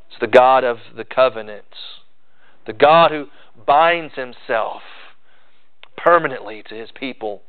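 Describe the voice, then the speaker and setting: A man preaching a sermon in an earnest, measured way, slowing down for emphasis. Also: mid-range voice, smooth. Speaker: pastor. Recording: tinny phone-like sound.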